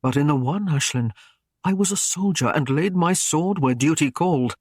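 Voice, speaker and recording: Male narrator doing a coaxing knight, flattering, dry close sound, audiobook. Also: on the high side, moderate pace, slightly rough, dry recording. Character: smooth-talking knight wooing a woman.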